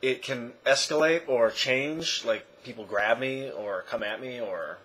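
A man talking casually to his camera in a rambling way, correcting himself and often trailing off quietly. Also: mid-range voice, measured pace, slight background noise, low-quality recording. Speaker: vlogger. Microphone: camera mic.

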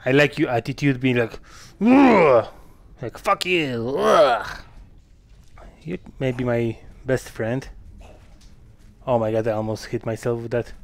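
A man giving casual gameplay commentary, excitable, swearing and laughing often with sudden loud outbursts. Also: medium pitch, moderate pace. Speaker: gamer.

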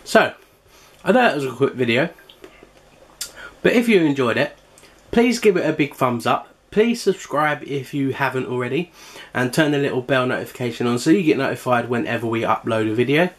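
Brief: man, mid-pitched, chatty cooking vlog host, casual, filler-heavy. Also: expressive, a little fast. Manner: chatty, filler-heavy, eating while talking.

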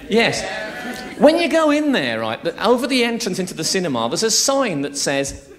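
A man's voice: high voice, huge pitch swings, moderate pace. A man with a Birmingham accent doing live stand-up in a theatre, chatty and bawdy, bantering with the front row. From West Midlands, England. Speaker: stand-up comedian. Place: theatre stage before a live audience. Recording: live theatre with loud audience laughter.

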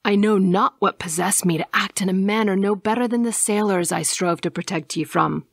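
A woman's voice: mid-range voice, gravelly, dry recording, studio quality. Woman reading a courtly male vampire. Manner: archaic formal speech, soft and measured. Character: dark, courtly male vampire stranger, old-fashioned and predatory. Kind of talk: audiobook character voice.

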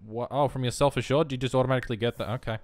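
A man's voice: medium pitch, fairly even intonation, racing. A young man giving wry, self-mocking commentary while playing a life-simulation game. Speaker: let's play host. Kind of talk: casual gameplay commentary.

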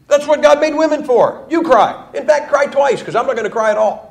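Male preacher, high-pitched, emphatic folksy sermon delivery with mocking asides. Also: fairly quick, creaky. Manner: quotes others in mocking voices. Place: church.

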